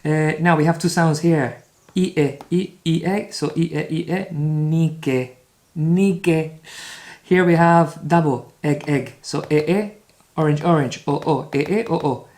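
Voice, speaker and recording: A man's voice: fairly high pitch, steady tone, normal speed, darkish tone. A man from Spain with a Spanish accent teaching a beginners' video lesson, encouraging and drilling sounds by repeating them. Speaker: language teacher.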